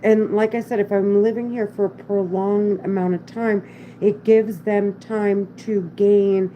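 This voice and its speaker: A woman's voice: medium pitch, flat delivery, measured pace, dull audio, a little hiss or hum. A woman talking in a casual monologue to the camera, rambling anxiously and repeating herself with frequent restarts. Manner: rambling, repetitive, restarts often; anxious, insistent. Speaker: vlogger.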